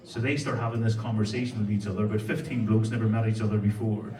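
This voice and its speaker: A young Irish man performs a profane stand-up set on a comedy club stage, bantering with a laughing audience. He talks fast in a lowish, dark, level voice, brash and laughing at his own jokes. The recording is rough and echoey, with the mic far away.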